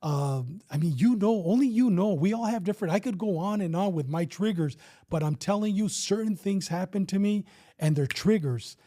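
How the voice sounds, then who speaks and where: A man's voice: high-pitched, moderate pace, dark tone. A man in his fifties, a retired police officer, telling a story in a casual interview and acting out the dialogue with some swearing.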